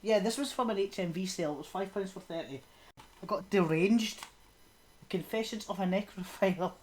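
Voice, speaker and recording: A woman's voice: mid-range voice, moderate pace, a little mellow, a little hiss or hum. A woman, co-hosting a podcast in loose, casual chat full of fillers. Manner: rambling, lots of fillers and trailing laughs. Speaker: podcast co-host. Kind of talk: casual chat about horror films.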